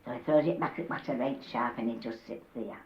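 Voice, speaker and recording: A woman's voice: extremely low pitch, a little fast. Older Yorkshire woman telling dialect tales. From Yorkshire, England. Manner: lively, acts out the characters' voices. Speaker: dialect storyteller. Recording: roomy, dull old cassette tape.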